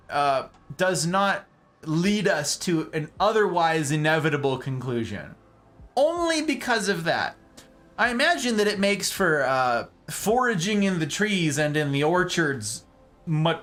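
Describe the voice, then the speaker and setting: Playful, animated young male streamer. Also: on the high side. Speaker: game streamer. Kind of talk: casual gameplay commentary.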